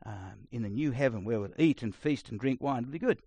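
A middle-aged man preaching a sermon, blunt and conversational, swinging between loud emphasis and quiet asides. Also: medium pitch, animated, fairly quick, slightly rough, no room sound. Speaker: pastor.

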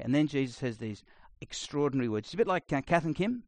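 A middle-aged man preaching a sermon, blunt and conversational, swinging between loud emphasis and quiet asides. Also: fairly high pitch, sing-song, brisk, few pauses, no room sound. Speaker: pastor.

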